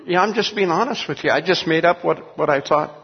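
An older man who is a pastor, telling his story earnestly, halting with many restarts. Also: on the high side, vocal fry, breathy edge. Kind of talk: testimony in an interview. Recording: dull recording in a long-echo room.

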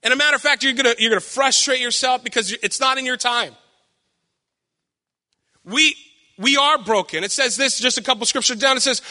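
A young man giving a sermon with personal stories, loud and animated, self-deprecating and acting out what people say. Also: very high-pitched, fairly quick, long pauses, in a large hall. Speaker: preacher.

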